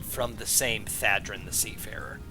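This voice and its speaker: Bright-voiced man running a tabletop game. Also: fairly low pitch, creaky, soft background music. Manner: relaxed, halting, with frequent uhs. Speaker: game master. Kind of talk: narrating a tabletop game and voicing characters.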